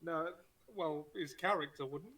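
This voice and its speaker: A man's voice: fairly high pitch, unhurried, crowd noise. A man playing a tabletop game, asking puzzled questions, heard distant from the mic. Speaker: player. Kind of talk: casual tabletop play.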